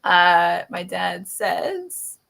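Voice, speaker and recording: A woman with an Australian accent hosting a casual chat, talking in quick bursts full of fillers and restarts, laughing often. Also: on the low side, big pitch swings, creaky, fairly bright tone. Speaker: podcast host.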